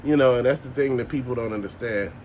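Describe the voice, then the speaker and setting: A middle-aged man rants straight to the camera in a loose, conversational monologue. His voice sits at an ordinary mid pitch, and his delivery is blunt, profane and unfiltered. A faint hum of noise runs under the recording. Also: fast, a little mellow. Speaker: vlogger. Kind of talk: casual ranting monologue.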